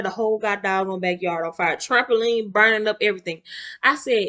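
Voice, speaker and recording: A woman's voice: mid-range voice, a little fast. A young woman, talking to camera in a chatty storytime vlog and acting out her relatives' voices. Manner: animated, acts out relatives' voices, chatty with y'all asides. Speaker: vlogger.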